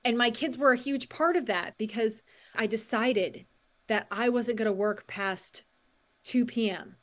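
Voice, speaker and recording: A middle-aged woman speaking a little above the usual pitch, guesting on a podcast. She tells stories with energy, slipping into quoted voices and laughing often. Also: unhurried. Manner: animated storyteller, acts out quotes and laughs often. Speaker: guest, mindset coach and author. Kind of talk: podcast interview.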